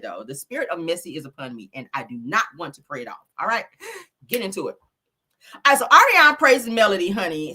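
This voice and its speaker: A woman hosts a gossip commentary show, sassy and profane. She laughs often and mimics the people she talks about. Her bright voice swings lively up and down. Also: fairly low pitch.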